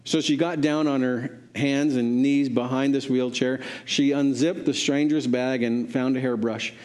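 A man's voice: fairly even intonation, a little slow, a little mellow. A man preaching, telling a story in a sermon and acting out the voices of the people in it. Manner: acts out quoted voices, pitch rising for characters.

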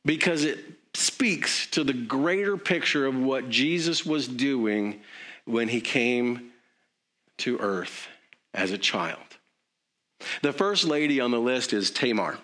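A man's voice: medium pitch, expressive, slow pace, fairly bright tone. A man preaching a sermon in a conversational way, with joking asides and frequent fillers. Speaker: pastor.

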